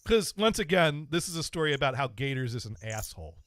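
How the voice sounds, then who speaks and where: A man's voice: a little high, big pitch swings, fast talker, a bit bright, no room sound. A man hosting a podcast, casually telling a long self-deprecating anecdote with frequent stops and restarts. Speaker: podcast host. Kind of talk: casual storytelling.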